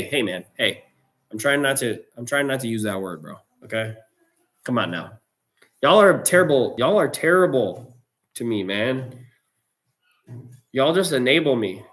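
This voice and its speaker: Guy doing a live trading stream, kinda low voice, slangy and loose, just chatting with chat. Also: a bit bright. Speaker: livestream trading host. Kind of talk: casual livestream chat to viewers.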